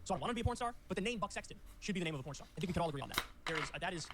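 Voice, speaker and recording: Fast-talking wry male commentator. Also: sits high, animated, heavy background noise. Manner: wry, incredulous, joking. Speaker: political commentator. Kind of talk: video commentary.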